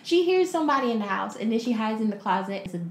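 A woman's voice: medium pitch, flat delivery, rapid-fire, creaky. A woman hosting a podcast, giving a casual movie recap and acting out the characters' lines as she retells the plot. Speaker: podcast host. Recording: echoey room, faint background hiss.

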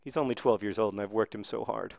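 A man in his thirties, worn out and still recovering from illness, gives casual, rambling gameplay commentary full of wry remarks, with sudden bursts of excited shouting. His lowish voice is fast and creaky, captured in a dry, studio-quality recording.

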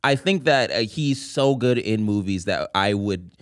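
A man co-hosting a podcast, talking about movies in a rambling, halting way with casual swearing. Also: on the low side, expressive, dry recording, studio quality. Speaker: podcast co-host.

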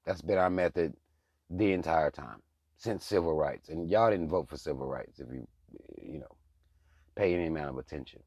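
Deep-voiced man ranting bluntly. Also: moderate pace, a little mellow, slightly rough, no echo. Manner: blunt, profane and heated. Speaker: channel host. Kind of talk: casual political commentary rant.

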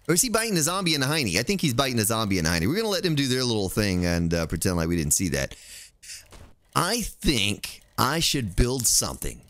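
With a mid-range voice and a fairly bright tone, a man plays a survival game on stream, bantering with viewers and cracking jokes at the game. There's no echo.

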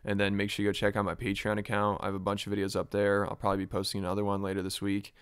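Low flat-voiced male commentator. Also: very fast, clean tone, no echo. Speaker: YouTube commentator. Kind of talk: scripted commentary.

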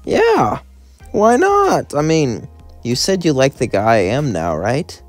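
A man's voice: medium pitch, wildly swooping pitch, takes it slowly, no room sound, soft background music, pitched above the performer's own voice. A man voicing a playful, flirty male spider demon with a teasing, sing-song delivery.

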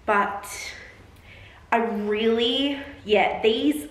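A woman's voice: fairly high pitch, very slow, echoey room, recorded from a distance, poor audio. A woman in her twenties filming a casual try-on vlog, chatty and exasperated, with lots of filler words. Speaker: vlogger.

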